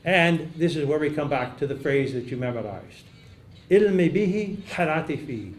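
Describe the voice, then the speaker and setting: Man lecturing in an echoey hall. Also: a little high. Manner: measured, reads quotes aloud, repeats key phrases. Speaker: academic speaker. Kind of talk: conference lecture.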